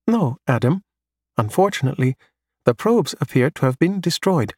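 Guy doing a flat robot tutor voice, a bit higher, dry sound. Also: normal speed, slightly rough, no echo. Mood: even. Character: calm male robot tutor, patient questioner.

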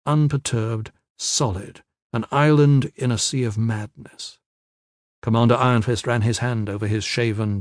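A man reading a novel aloud as a narrator, measured and steady, shifting his pace with the action. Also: medium pitch, dry recording, studio quality. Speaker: audiobook narrator. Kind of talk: scripted narration.

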